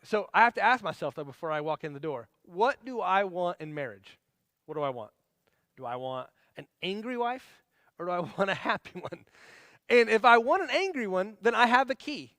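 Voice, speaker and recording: A man's voice: a little high, fairly bright tone, no echo, studio quality. A man in his forties teaching a marriage class in a casual, conversational way, acting out everyday scenes. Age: 40s.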